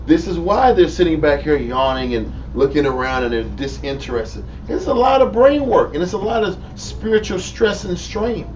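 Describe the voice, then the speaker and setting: A man with a Texas accent, teaching the Bible informally in an animated, profane way and mimicking people. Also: a little high, moderate pace, few pauses. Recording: lo-fi room recording from a distance with faint noise.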